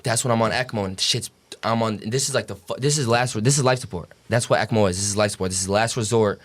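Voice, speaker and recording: A man's voice: on the low side, fast. A young man telling a story as a podcast guest, casual and profane, packed with "like" and "dude".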